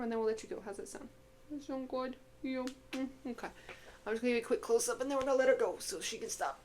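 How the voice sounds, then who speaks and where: A woman's voice: on the high side, racing, a little mellow, a little hiss or hum. A woman chatting casually in a home vlog about her pets, chatty and affectionate, slipping into baby talk with her cat. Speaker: pet vlogger. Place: home, indoors.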